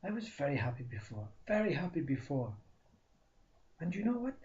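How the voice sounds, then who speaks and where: A man's voice: high voice, animated, moderate pace. Storytelling man, dull lo-fi sound. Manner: acts out both sides of a dialogue, shifting loudness, drops to whispers. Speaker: spiritual teacher. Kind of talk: storytelling talk. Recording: dull lo-fi recording.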